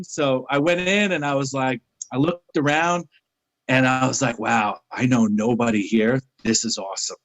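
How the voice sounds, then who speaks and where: A man's voice: mid-range voice, moderate pace, no echo, poor audio. A man tells a story in casual guest talk, acting out each line of dialogue. His voice sits in a middle register. The sound is dry and close to the mic. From New York City. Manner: animated anecdotes, acting out quoted dialogue. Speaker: interview guest.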